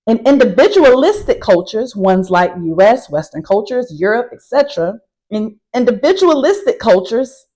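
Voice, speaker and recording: A woman's voice: on the high side, moderate pace, rough recording. A woman college instructor talking casually to camera from a car, recapping a class and calling her viewers y'all. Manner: addresses viewers as y'all, emphatic and animated. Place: in a parked car.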